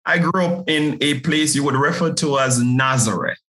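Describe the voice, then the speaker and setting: A man's voice: fairly high pitch, normal speed, a bit bright, rough recording. An earnest male pastor with a Jamaican accent, guesting on a podcast. He speaks in a preaching manner and stumbles over repeated words as he builds toward a point. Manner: earnest, repeats words when starting a thought.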